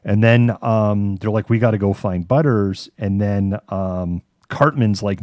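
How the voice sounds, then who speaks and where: A man's voice: fairly low pitch, normal speed, dark tone, no echo, clean studio sound. A man co-hosting a live online talk show, rambling casually and swearing as he retells a cartoon episode, putting on voices for the characters. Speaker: podcast co-host.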